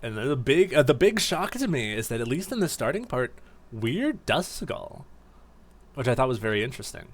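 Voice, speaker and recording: A man's voice: medium pitch, big pitch swings, normal speed. A man giving casual, rambling commentary while streaming a game, laughing at himself. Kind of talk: casual let's-play commentary.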